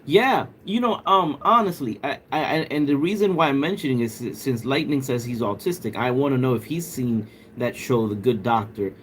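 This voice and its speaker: A man's voice: mid-range voice, slight background noise. A man hosting a livestream, casually chatting with viewers and joking around, laughing often. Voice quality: bald. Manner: joking, laughs often, mimics a British accent. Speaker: livestream host. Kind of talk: casual livestream chat reading viewer comments.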